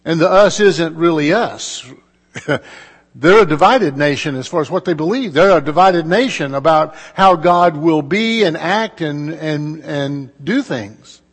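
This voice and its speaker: A man preaching a sermon as pastor, in a measured style with emphatic pauses and conversational asides. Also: a little high, slightly rough, long reverb tail.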